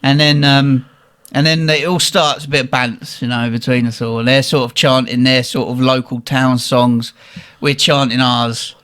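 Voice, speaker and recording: A young man, animated and swearing as he tells a funny story in casual chat. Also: mid-range voice, moderate pace, smooth. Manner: animated, swearing, laughing at his own story. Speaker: guest telling a story.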